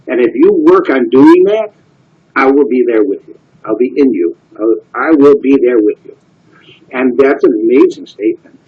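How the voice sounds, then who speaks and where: A rabbi teaching a Torah class in a husky voice at a mid pitch. He talks earnestly and conversationally and often asks his listeners "right?". The recording is muffled and lo-fi. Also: darkish tone.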